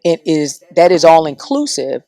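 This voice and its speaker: A middle-aged woman, a radio personality, telling stories as a podcast guest, animated and acting out the voices of people she quotes. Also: sits low, normal speed, no room sound. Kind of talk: casual podcast storytelling.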